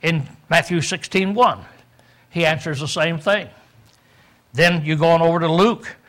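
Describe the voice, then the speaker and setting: A man preaching a verse-by-verse Bible lesson in a high, bright voice. He clears his throat often as he goes. He acts out the quoted speakers to make his points. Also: measured pace. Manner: teaching tone, acting out quoted lines, frequent throat clearing. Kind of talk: sermon, verse-by-verse Bible teaching.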